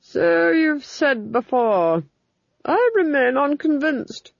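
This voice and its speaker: A woman's voice: high voice, expressive, vocal fry, no room sound, pitched above the performer's own voice, full character voice. A woman voicing a cruel, imperious duchess with a scornful, commanding manner, in a dull lo-fi recording. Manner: scornful, commanding, drawn-out delivery.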